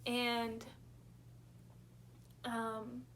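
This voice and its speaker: A young woman vlogger telling her personal birth story in a halting, emotional way, close to tears at times. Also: fairly high pitch, monotone, fairly bright tone, slight background noise.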